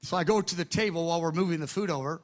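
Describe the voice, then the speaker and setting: A middle-aged male pastor delivers a storytelling sermon with a fairly high voice. He acts out the quoted dialogue as he goes, so his delivery keeps shifting. The tone stays lively and engaged throughout. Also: racing.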